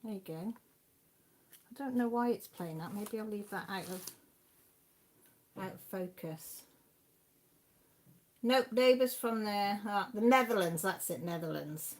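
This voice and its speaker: This is a Welsh woman in her sixties who hosts her own live stream. She chats on casually and reads viewer messages out one after another, her voice sitting at an ordinary middle pitch. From Wales. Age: 60s. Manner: chatty, rambling, reads viewer comments aloud. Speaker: channel host reading live chat.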